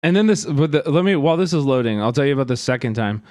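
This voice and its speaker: A man's voice: mid-range voice, animated, quick pace, darkish tone, dry recording, studio quality. A man streaming live, telling a story in an agitated, profane way that rambles with many fillers.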